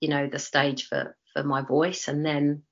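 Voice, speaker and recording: A woman, telling her life story as an interview guest, animated and acting out quoted voices. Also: low voice, a little slow, lo-fi sound. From East London, England. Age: 40s. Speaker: interview guest, former Olympic athlete.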